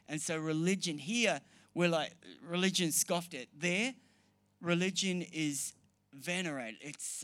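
A man preaching a sermon, often restarting his sentences, then building to loud, fast, passionate appeals. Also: fairly high pitch, no echo.

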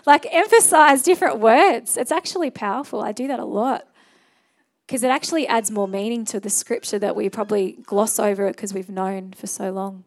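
A woman's voice: medium pitch, fairly quick. Earnest woman preaching a church sermon. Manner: earnest, conversational, fillers and restarts. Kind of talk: sermon with altar call and prayer.

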